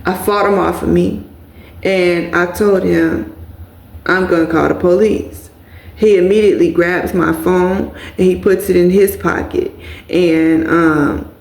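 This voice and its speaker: Gravelly woman telling a story in an echoey room. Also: on the low side. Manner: casual, addresses viewers as y'all. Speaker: vlogger. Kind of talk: emotional personal storytelling.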